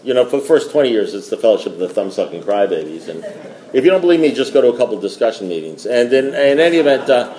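A man with a mellow, darker voice gives a rambling, joking recovery talk. He circles back and repeats his words. The room sounds echoey, with a faint hiss behind him. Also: mid-range voice, big pitch swings, fast talker. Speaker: speaker at a recovery meeting.

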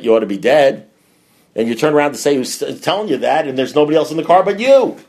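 A middle-aged man addresses a recovery group with raw candor, swearing freely and alternating loud bursts with quiet muttering.

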